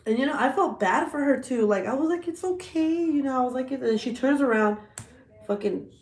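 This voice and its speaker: A woman, telling stories in a profane, animated way with frequent laughs during a casual livestream chat. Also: on the high side, a little fast, roomy sound. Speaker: livestream host.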